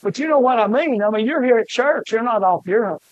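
An older man preaching a fiery sermon, emphatic, with shouted peaks and rhythmic lists. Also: extremely high pitch, lively intonation, fast talker, dry recording, muffled recording.

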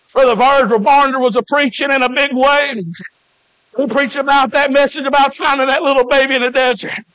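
High, bright shouting preacher. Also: male voice, no room sound. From Alabama, US. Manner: fervent, drawn-out shouting with frequent "uh" fillers. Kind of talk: shouted revival sermon.

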